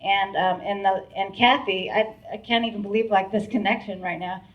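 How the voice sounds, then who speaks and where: A woman's voice: medium pitch, steady tone, normal speed, distant mic. A middle-aged woman giving a grateful, heartfelt speech at a live event, her talk full of restarts and little fillers. She sounds set back from the mic, and the recording is dull and muffled. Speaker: board chair giving a speech. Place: event hall with an audience.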